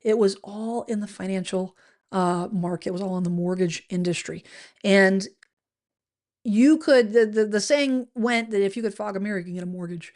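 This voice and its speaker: Middle-aged woman, real estate agent, casual vlog explainer, chatty, animated, restarts sentences. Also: medium pitch, moderate pace. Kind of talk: casual explanatory talk to camera.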